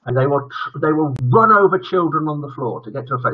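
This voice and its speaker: An older man hosts a live evening stream in a chatty, teasing way. His voice is husky and sits at a middling pitch. The audio is dull and lo-fi. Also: expressive, quick pace, hardly any pauses. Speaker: host. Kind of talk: live-streamed bedtime story show chat.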